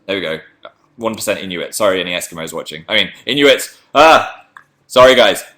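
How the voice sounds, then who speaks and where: Man, bright voice, casual livestream chat, rambling, self-deprecating, reading viewer messages. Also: sits low, fast. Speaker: livestream host.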